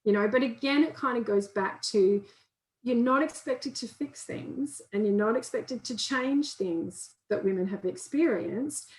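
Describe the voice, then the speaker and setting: A woman's voice: fairly high pitch, measured pace, a little mellow, echoey room, poor audio. A woman counsellor giving an informal, conversational training talk and acting out inner voices in quotes. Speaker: counsellor and guest speaker.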